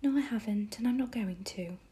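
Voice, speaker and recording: A lazy, naughty little male brownie whispers rude remarks, as a woman acts him out. The whispered role-play sounds mellow, airy and very breathy. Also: medium pitch, moderate pace. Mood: cheeky. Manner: rude, cheeky.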